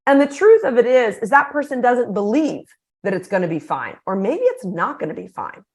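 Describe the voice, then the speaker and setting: A middle-aged woman, a guest speaker on a podcast interview, explaining her ideas in an energetic, animated way. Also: fairly high pitch, brisk.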